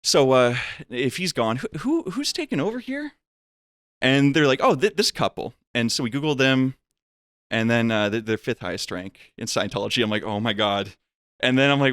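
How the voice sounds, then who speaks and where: A man casually telling a long story on a podcast, acting out the people in it with big jumps in pitch. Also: moderate pace, no echo, clean studio sound. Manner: animated, acts out voices with big pitch jumps. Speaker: podcast guest.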